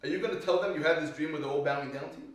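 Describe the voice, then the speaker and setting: Male Torah teacher, slightly high voice, animated and questioning, recorded from across a very echoey classroom. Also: very fast. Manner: animated storytelling, quizzes the audience. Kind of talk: lively Torah class to a live group. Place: classroom with a small live audience. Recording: echoey room, voice from far off.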